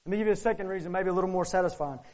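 Guy preaching, super high voice, lots of "why?" questions, loud then quiet, dull muffled recording. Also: racing. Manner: animated, rhetorical questions, swings between loud and hushed. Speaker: pastor. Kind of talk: sermon.

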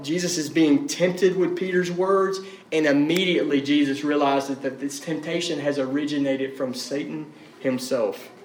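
A man preaching an expository sermon as pastor, emphatic and repeating key phrases for weight. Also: fairly high pitch. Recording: echoey room.

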